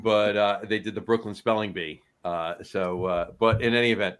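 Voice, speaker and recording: A man's voice: on the low side, fairly even intonation, normal speed, fairly bright tone, clean tone. A man, co-hosting a podcast in casual chat, rambling with many restarts. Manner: rambling, full of restarts and fillers. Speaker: podcast co-host.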